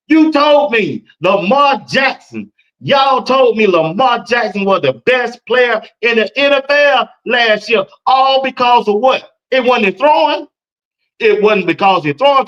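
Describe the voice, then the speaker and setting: A man's voice: sits high, fairly bright tone, highs cut off. A man hosting a sports talk show, talking in a casual, hyped-up way and laughing between points.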